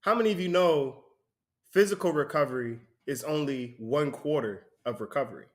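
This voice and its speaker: A man's voice: fairly high pitch, normal speed. A man preaching a conversational sermon, often breaking into laughter between points.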